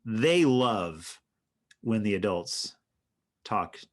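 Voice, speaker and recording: A man who isn't from New York co-hosts a casual comedic podcast, playfully and mock-earnestly asking about slang. His voice is lowish and animated, with drawn-out words.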